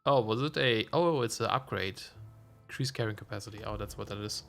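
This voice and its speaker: A man's voice: on the low side, brisk, gravelly, a bit bright, soft background music. A man streaming a video game, giving casual commentary and thinking aloud with frequent chuckles. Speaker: let's play streamer.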